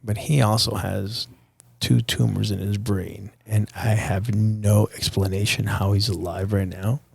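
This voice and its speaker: A man's voice: on the low side, flat delivery, unhurried, creaky, darkish tone, husky, no room sound. A young man from Nicaragua, a podcast guest telling a personal story in a candid, profane, casual way. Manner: candid and profane, addresses host as dude and bro.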